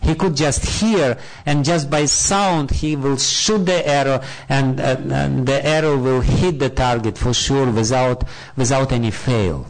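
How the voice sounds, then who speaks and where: A man retelling an old scripture story in a spiritual talk, halting and searching for words. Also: mid-range voice, rough recording.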